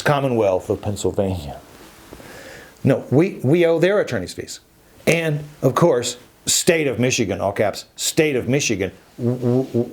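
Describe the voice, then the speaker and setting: A man's voice: medium pitch, darkish tone. A man, an attorney hosting a podcast, speaking in an emphatic, repetitive monologue that often stumbles and restarts.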